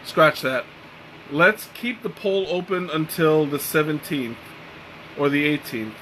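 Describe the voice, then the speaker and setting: Tired guy doing a tea stream, slow and rambly, slightly high voice, faint ac hum behind. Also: poor audio. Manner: relaxed, rambling, with many fillers and restarts. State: tired and mellow. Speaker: tea livestream host. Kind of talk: casual live-stream chat.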